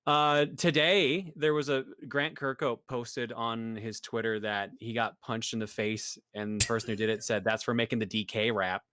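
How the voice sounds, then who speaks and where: Smooth-voiced man on a podcast. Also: mid-range voice, little pitch movement, normal speed, few pauses, a bit bright. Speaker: podcast co-host. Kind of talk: casual podcast chat.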